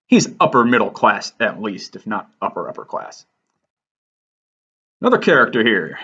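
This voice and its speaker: A man's voice: fairly low pitch, very animated, normal speed, sharp tone, breathy edge, muffled recording. A man hosting a writing lesson over slides, casual and self-deprecating. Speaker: writing teacher and host.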